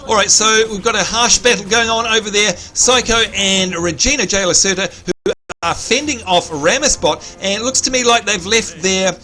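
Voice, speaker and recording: Aussie guy hosting a game stream, upbeat play-by-play, bit of a high voice, kinda hoarse. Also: moderate pace, sharp tone. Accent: Australian. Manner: chatty, upbeat play-by-play, addresses viewers as folks. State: slightly hoarse, clearing his throat. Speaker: livestream host and game commentator. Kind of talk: live gameplay commentary.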